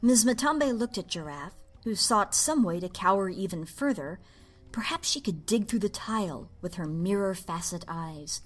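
A woman narrating a story in an expressive, playful reading. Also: mid-range voice, moderate pace, soft background music.

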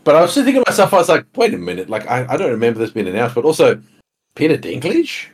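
A man's voice: medium pitch, huge pitch swings, very fast. A man co-hosting a casual podcast chat, rambling and swearing freely as he rants. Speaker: podcast co-host.

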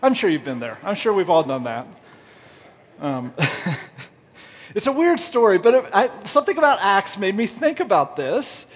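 A man's voice: high-pitched, sing-song, normal speed, slightly rough, big-room sound. A man preaching a humorous, self-deprecating storytelling sermon, laughing often as he goes. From United States. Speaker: pastor.

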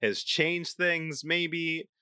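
A man's voice: a little high, steady tone, drawn-out words, sharp tone, smooth, dry recording, studio quality. A man co-hosting a podcast, talking in a hammy, theatrical way. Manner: hammy, theatrical put-on host voice. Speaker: podcast co-host. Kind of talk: casual chat.

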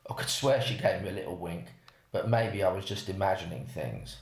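A man reads a first-person story aloud at an unhurried pace. His voice is low and gravelly, and the recording has a roomy echo. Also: animated. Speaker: narrator. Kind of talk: reading an erotic story aloud.

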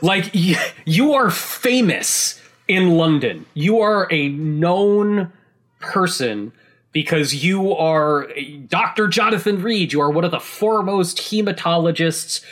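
A man chatting casually about a video game, excitable and rambling, with many restarts and laughs mid-sentence. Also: sits high, takes it slowly. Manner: casual swearing.

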